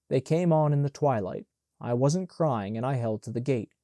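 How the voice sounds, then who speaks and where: A man reading an audiobook in a measured, plain narration on a close mic. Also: medium pitch, warm tone, no echo.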